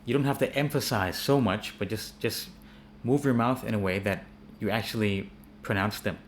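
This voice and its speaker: A man with an American accent giving a relaxed spoken English lesson, pausing with fillers and repeating words as he explains pronunciation. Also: lowish voice, a little hiss or hum. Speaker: English teacher.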